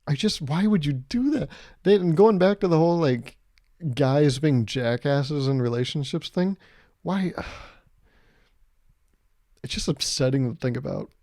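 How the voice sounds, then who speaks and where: A man's voice: on the high side, animated, unhurried, long pauses, a little mellow, no echo, studio quality. A man hosting his own podcast, delivering a casual, profane comedic rant with exasperated swings. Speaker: podcast host.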